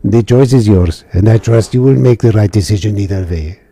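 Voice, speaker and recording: Man voicing a gruff mercenary colonel. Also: on the low side, dark tone, no echo. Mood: persuasive. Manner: calls everyone son, brisk military briefing.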